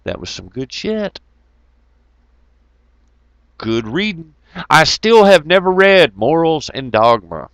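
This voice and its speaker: A man's voice: fairly high pitch, slow pace, long pauses, smooth, no echo. A man rambling through a casual monologue, swearing freely and laughing as he tells stories. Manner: profane, laughing, animated storytelling.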